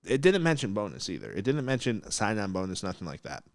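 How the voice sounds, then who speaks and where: A podcast host tells a story in a blunt, animated way, with his pitch swinging up and down. His voice is dry and close to the mic, with no room sound. He acts out quotes and laughs easily. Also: quick pace, no echo. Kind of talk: casual storytelling.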